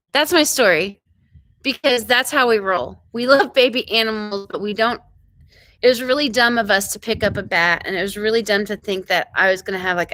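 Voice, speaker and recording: A woman hosting a ranch live stream, telling a story in an animated, quick way and acting out what people said. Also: on the high side, dry recording. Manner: animated, quick retelling with acted-out quotes. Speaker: ranch channel host.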